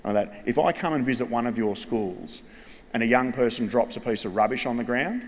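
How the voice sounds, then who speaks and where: A middle-aged Australian man giving a conference keynote to a large audience, telling stories in a lively way. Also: medium pitch. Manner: animated storyteller addressing a large audience. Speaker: education speaker. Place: large hall with long reverb. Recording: long echo of a big hall.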